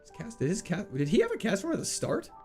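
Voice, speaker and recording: A man's voice: high voice, huge pitch swings, fast, a little mellow, faint music behind. A man streaming a video game live, chatting casually and playfully as he reads out chat and laughs often. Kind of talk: casual live gameplay commentary, reading chat.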